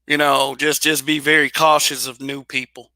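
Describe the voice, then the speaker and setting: A man's voice: mid-range voice, flat delivery, normal speed, creaky, bright, forceful tone, no echo. A man hosting his own channel, talking bluntly and casually with profanity and frequent restarts. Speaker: channel host. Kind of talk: casual opinion monologue.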